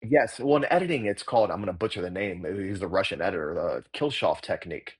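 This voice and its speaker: Middle-aged male actor-coach, deep husky voice, blunt and salty, explaining his craft. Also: fast. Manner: blunt, profane, emphatic. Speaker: actor and acting coach, guest. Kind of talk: casual interview talk.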